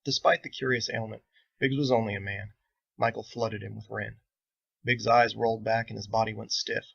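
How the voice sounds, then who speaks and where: A man reading his own novel aloud in steady, measured audiobook narration. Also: on the low side, vocal fry, slightly rough, dull audio.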